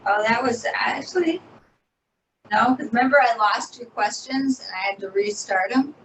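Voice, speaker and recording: A woman's voice: fairly high pitch, moderate pace, fairly bright tone. A woman hosting an interview, asking questions in a hesitant way with many fillers. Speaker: interview host. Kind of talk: casual interview. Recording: roomy, distant mic, faint noise.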